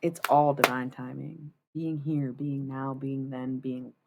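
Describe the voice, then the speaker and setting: A woman's voice: rumbling low, level tone, slow, creaky, background noise. A woman in her thirties chatting casually and profanely on a tarot livestream. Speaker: tarot-reading streamer.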